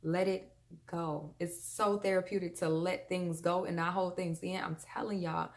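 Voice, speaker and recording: A woman's voice: on the low side, steady tone, moderate pace. A woman giving a frank, chatty motivational talk to her viewers, with slang and the odd laugh. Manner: laughs between points. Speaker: vlogger. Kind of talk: casual motivational talk to camera.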